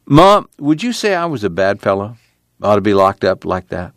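A man's voice: fairly low pitch, sing-song, normal speed, fairly bright tone, dry recording. A man voicing a wry, easygoing young farm son with a laconic rural drawl, in an audiobook reading. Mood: thoughtful.

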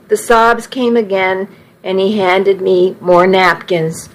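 A woman narrating a first-person story in an unhurried, plain way. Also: medium pitch, low-quality recording.

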